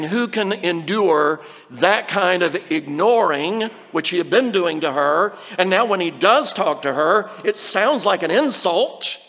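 A man preaching a sermon, explaining a Bible passage in an earnest tone and slowing down when he quotes scripture. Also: on the high side, a bit bright, long reverb tail.

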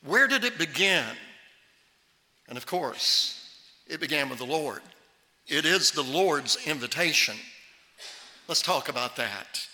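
Male pastor, high bright voice, lively sermon delivery, hall echo. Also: slow pace, pauses often. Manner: animated, acts out the Bible voices.

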